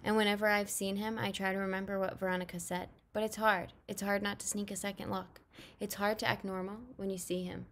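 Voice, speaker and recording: A woman reads a first-person audiobook in a casual, chatty, youthful tone. Her voice sits at a medium pitch, and she speaks as if telling the story herself. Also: level tone, a little fast, a bit bright. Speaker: audiobook reader.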